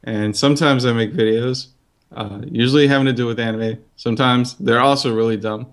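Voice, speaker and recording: A man's voice: medium pitch, fairly even intonation, a little fast. Dry self-deprecating man co-host. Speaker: podcast co-host. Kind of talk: casual chat.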